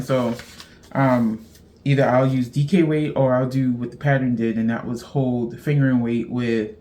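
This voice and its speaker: A woman's voice: very deep voice, darkish tone, slight background noise. A middle-aged woman from Central Texas, chatting casually as host of a knitting show, rambling and laughing at herself.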